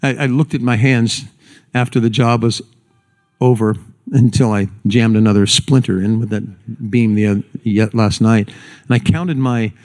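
A man's voice: fairly even intonation, a little mellow. Folksy storytelling male pastor. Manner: folksy storyteller, slows and drops low for solemn points. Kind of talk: sermon with storytelling.

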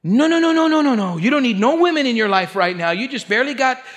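A man's voice: extremely high pitch, expressive, fast, a bit bright, voice pushed up. A man voicing his worried mother as she pleads with her son. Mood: frantic. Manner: frantic, insistent.

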